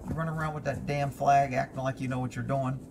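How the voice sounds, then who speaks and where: A man voicing a defiant horse that scorns its handler, contemptuous and cursing, his voice dropped lower and quieter than his own. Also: flat delivery, quick pace, vocal fry, noisy background, lightly acted. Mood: scornful.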